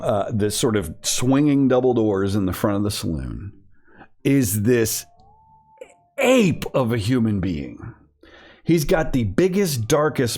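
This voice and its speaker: A man's voice: mid-range voice, darkish tone. Rambling man narrating as game master. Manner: casual, rambling, many fillers and restarts. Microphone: online voice call.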